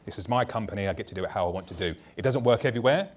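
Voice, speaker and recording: On a conference panel, a man who founded a startup talks candidly, bluntly and in long loose stretches, sharing anecdotes from his own work. His voice is lowish and breathy-edged, and he races along.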